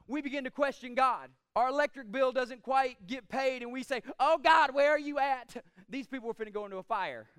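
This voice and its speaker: A male pastor, preaching a fervent sermon that swells toward shouting and breaks into quick, joking asides. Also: very high voice, clean tone, no echo, clean studio sound.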